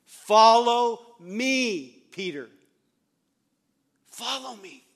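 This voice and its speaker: A man preaching who voices Jesus as a calm teacher, repeating commands to follow him in an earnest, urging way. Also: very high voice, extremely slow, voice pushed up, exaggerated voice.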